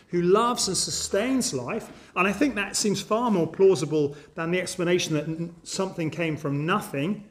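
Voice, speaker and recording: A man delivers an Easter sermon in a church service, his voice sitting high for a man. He speaks earnestly and with emphasis, addressing the congregation directly. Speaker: preacher.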